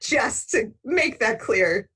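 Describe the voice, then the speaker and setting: A woman's voice: fairly high pitch, expressive, slow, a bit bright, slightly rough. A woman playing a tabletop game, teasing and playful. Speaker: player. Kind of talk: casual tabletop role-play.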